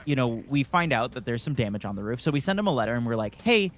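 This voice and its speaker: Rambling fast-talking man telling a story. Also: mid-range voice, expressive. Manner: rambling storyteller, swears a lot, many fillers. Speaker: streamer telling a work story. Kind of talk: casual gaming stream chat.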